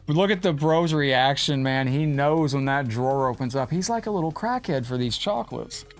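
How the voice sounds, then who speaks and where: Man, gaming streamer, casual live chat, mid-pitched voice, music in the background. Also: lively intonation, moderate pace. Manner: chatty, talks to his cat and viewers.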